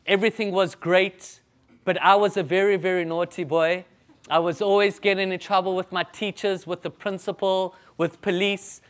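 A man's voice: high-pitched, steady tone, moderate pace, a bit bright. A man with a South African accent, an evangelist preaching and sharing his testimony with a congregation in an emphatic, enthusiastic way. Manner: enthusiastic, emphatic, calls for audience response.

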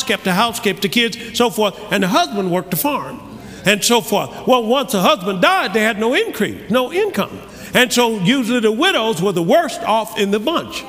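A man preaching a sermon, shouting calls for amen to the congregation, then dropping to quieter asides. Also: high voice. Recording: echoey hall with crowd noise. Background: congregation noise.

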